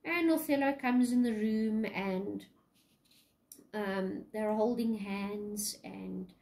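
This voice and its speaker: A woman's voice: mid-range voice, slow pace, vocal fry, a little mellow, low-quality recording. A woman English teacher casually retelling a play in a lesson, chatty, with many fillers.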